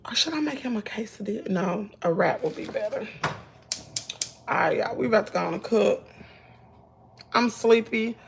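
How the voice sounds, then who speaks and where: A hoarse woman with a Southern US accent, chatting to viewers in her home kitchen on a phone livestream. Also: medium pitch, normal speed, pauses often, noisy background. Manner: chatty, talks straight to viewers, says y'all a lot. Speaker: livestream host. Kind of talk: casual livestream chat while cooking.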